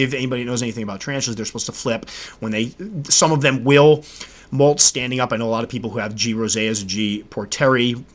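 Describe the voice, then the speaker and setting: A man hosting a casual solo podcast, telling a story with animated delivery and acting out his own exasperated reactions. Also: medium pitch. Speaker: podcast host.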